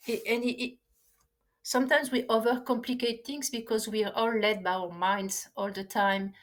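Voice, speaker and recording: A woman speaks in a conversational interview with a non-native English accent. She is earnest and halting, often restarting her sentences before she finds the words. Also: on the high side. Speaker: podcast guest.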